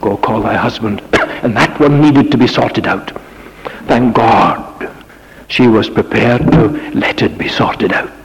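A man preaching a sermon in a church, with dramatic rising questions and sudden quiet passages. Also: medium pitch, takes it slowly, big-room sound, noisy background.

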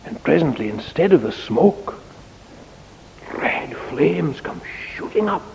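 A man with a gravelly voice gives a children's sermon in an unhurried, animated, sing-song manner. His voice carries a long reverb, as if recorded in a large hall. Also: fairly high pitch, muffled recording, slight background noise. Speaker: preacher giving a children's talk.

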